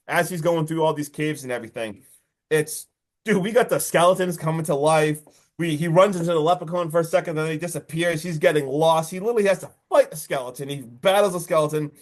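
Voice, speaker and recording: A man hosting a podcast, excitedly recapping a horror movie in casual chat and acting out lines from it. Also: fairly high pitch. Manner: excited, swearing, acts out lines from the film. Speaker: podcast host.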